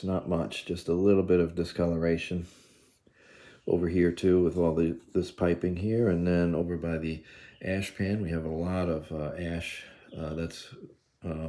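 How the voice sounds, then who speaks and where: A deep-voiced model train hobbyist walks around his own work in his kitchen, narrating casually while filming on his phone. His relaxed commentary is full of fillers.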